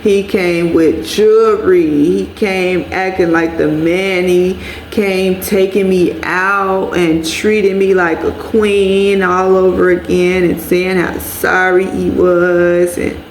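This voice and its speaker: A woman's voice: on the low side, level tone, slow pace, slight background noise. Blunt woman vlogger in an echoey room. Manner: candid, blunt, swears freely, addresses viewers as y'all. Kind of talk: personal storytelling to viewers.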